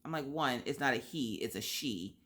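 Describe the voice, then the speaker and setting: A young adult woman telling a story in a casual chat while crocheting, blunt and sassy, acting out quotes with big pitch swings. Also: lively intonation, normal speed, fairly bright tone. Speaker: vlogger.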